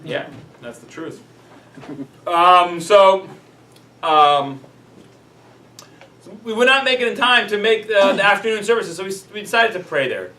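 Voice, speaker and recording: A man's voice: sits high, lively intonation, measured pace, pauses often, pushed and bright. A man, a rabbi, teaching a class in a casual, chatty storytelling way, full of "like" and "you know". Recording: roomy echo, mic at a distance.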